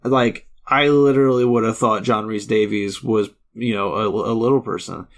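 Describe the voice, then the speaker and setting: A man's voice: on the low side, steady tone, moderate pace. A man co-hosting a podcast, chatting enthusiastically about films, full of "like" and restarts. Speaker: podcast co-host. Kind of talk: casual movie review chat.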